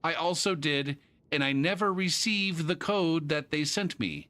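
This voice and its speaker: A man's voice: a little high, sharp tone, pitched above the performer's own voice. A man voicing an earnest young male student who reads out a stiff, overly polite email. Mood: earnest pleading. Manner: stiff, overly polite phrasing read slowly.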